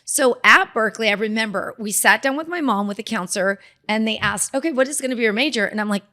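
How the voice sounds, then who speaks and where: A middle-aged woman from Southern California, a dermatologist guest telling her life story in a casual interview, animated and acting out the voices of people she quotes. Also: on the high side, fast.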